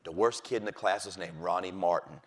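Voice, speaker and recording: A middle-aged man, a teacher, telling stories from his classroom with lively delivery and acting out the voices of kids and his principal. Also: low voice, brisk. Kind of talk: storytelling talk.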